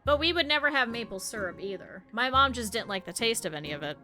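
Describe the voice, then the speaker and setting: A woman's voice: on the high side, very animated, quick pace, pushed and bright, faint music behind. A young adult woman streaming a game, chatting casually and rambling through stories with lots of laughter. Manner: rambling storyteller, laughs a lot. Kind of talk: casual chat while gaming.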